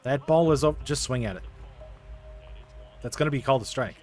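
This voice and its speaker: A young man narrating his baseball video game play by play, quickly getting frustrated at the game. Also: mid-range voice, darkish tone, soft background music. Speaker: gaming YouTuber. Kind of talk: casual video game commentary.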